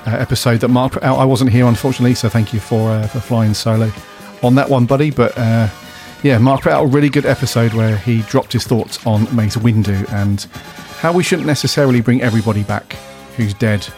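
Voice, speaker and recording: A man opens and steers a relaxed podcast with easy humour. Faint music sits behind his voice now and then. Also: mid-range voice, brisk, hardly any pauses. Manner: chatty, jokey, easygoing. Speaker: podcast host. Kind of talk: casual podcast chat.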